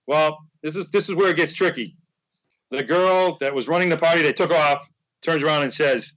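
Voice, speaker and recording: Animated rambling man on a podcast. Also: fairly high pitch, a little fast, highs cut off. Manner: rambling, animated, acts out quoted dialogue. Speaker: podcast guest, fan charity organizer. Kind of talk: casual storytelling.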